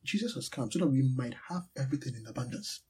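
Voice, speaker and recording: Emphatic preacher with a mellow voice. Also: male voice, mid-range voice, animated, quick pace, slight background noise, low-quality recording. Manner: call-and-response teaching, emphatic repetition. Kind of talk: sermon.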